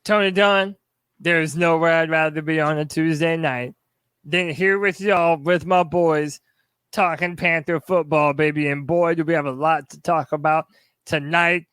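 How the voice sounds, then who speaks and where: Hyped high-voiced podcast co-host man. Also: unhurried, clean tone, no room sound. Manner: hyped, energetic, shout-outs. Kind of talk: casual sports podcast chat.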